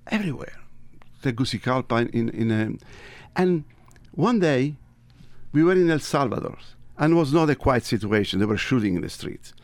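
A man with a Tuscan Italian accent speaks as an interview guest. He is a native Italian speaker. His delivery is lively and swoops high and low as he acts out the people in his stories, in a mid-pitched voice on a dry, close recording. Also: dry recording. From Italy. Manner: animated, big pitch swings, acts out dialogue. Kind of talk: interview storytelling.

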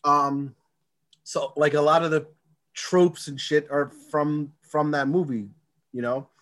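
A man's voice: on the high side, fairly even intonation, slow pace, fairly bright tone, no echo. A man co-hosting a podcast, talking in a loose, rambling way and laughing often during a casual chat about a movie. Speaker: podcast co-host.

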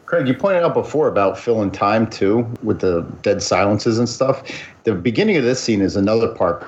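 A man co-hosting a podcast, casually and dryly critiquing a film. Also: on the low side. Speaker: podcast co-host. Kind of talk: casual chat about a film. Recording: slightly muffled, faint noise.

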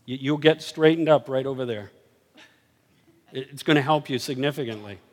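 A man preaching a sermon, telling stories animatedly and swinging from low murmurs to excited highs. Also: moderate pace. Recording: reverberant hall.

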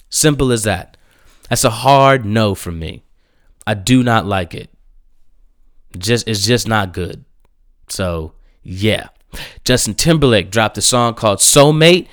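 A man's voice: mid-range voice, slow pace, pauses often, dry recording, studio quality. Blunt, profane man reviewing new music. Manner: blunt, emphatic, profane, animated outbursts. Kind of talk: casual music review monologue.

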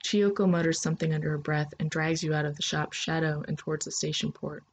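A woman narrating a second-person story in a soft, steady voice. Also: low-pitched, quick pace, slight background noise.

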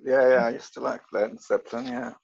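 A man's voice: medium pitch, level tone, fairly quick, vocal fry, darkish tone, muffled recording. A man from South Africa with a South African accent, a laid-back podcast guest who laughs often. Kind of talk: casual chat.

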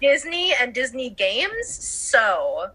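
A woman's voice: fairly high pitch, very animated, slow, pushed and bright, husky. A woman co-hosting a casual podcast, chatting in a giggly, playful way. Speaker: podcast co-host.

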